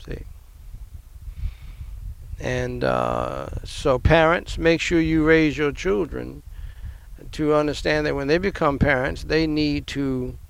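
Gravelly older man preaching. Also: fairly high pitch, big pitch swings, slow, long pauses. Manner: conversational preaching with repetitions and asides. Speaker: pastor. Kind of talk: sermon.

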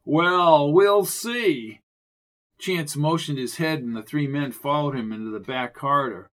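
A man giving scripted narration of a mystery audiobook in a steady, measured way. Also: mid-range voice.

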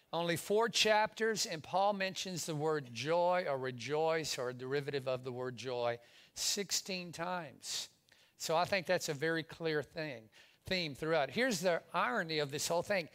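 Fervent male pastor preaching. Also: on the high side. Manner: lively preaching, urges the congregation to repeat phrases. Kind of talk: sermon. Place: church in front of a congregation.

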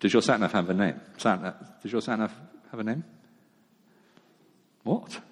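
A man's voice: lowish voice, normal speed, noisy background. A middle-aged man, preaching a sermon in a chatty, self-mocking storytelling way. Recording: long echo of a large hall.

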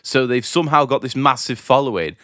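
A man's voice: medium pitch, fairly quick, a bit bright, dry recording, clean studio sound. A man from Britain ranting in casual chat, swearing a lot and laughing often.

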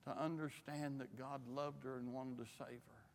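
A man preaching a missionary sermon, impassioned and rising to shouts, in a church. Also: mid-range voice, flat delivery, moderate pace, vocal fry, a little hiss or hum. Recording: long hall reverb.

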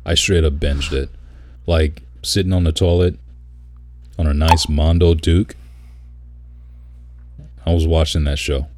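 Very deep-voiced man telling a story. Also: measured pace, pauses often, noisy background. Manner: animated storyteller, swears, mimics people in high voice. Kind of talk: casual chat.

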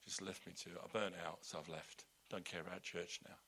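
Guy doing a sulky burnt out churchgoer, mutters low and quiet, bit bitter. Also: level tone, a little fast, creaky, husky, heavily acted.

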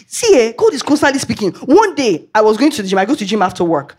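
A woman's voice: a little high, very animated, fast, darkish tone, breathy edge. A woman with a Nigerian accent preaching a sermon, telling chatty anecdotes and laughing along the way. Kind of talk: storytelling sermon.

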